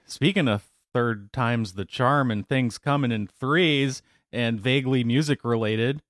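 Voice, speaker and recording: A man's voice: medium pitch, unhurried, a bit bright, no room sound, studio quality. A man co-hosting a casual podcast chat, talking loosely, hunting for words and throwing in sarcastic asides. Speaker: podcast co-host.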